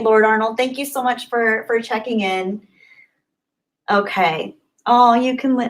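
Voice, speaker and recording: A woman's voice: a little high, steady tone, unhurried, pauses often, low-quality recording. Chatty woman reading live chat. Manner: chatty and upbeat, thanking viewers by name. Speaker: livestream host.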